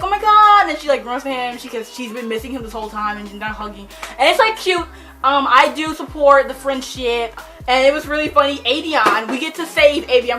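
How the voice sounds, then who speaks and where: A young adult woman rambling excitedly through a book chat, gushing and full of fillers. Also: high-pitched. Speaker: book vlogger.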